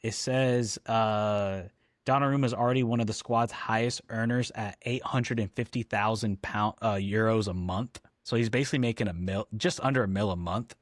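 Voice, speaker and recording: Low-pitched and steady in tone, this man speaks at a moderate pace as co-host of a casual football podcast. The recording is dry and studio quality, and he hesitates a lot, with many ums and restarts.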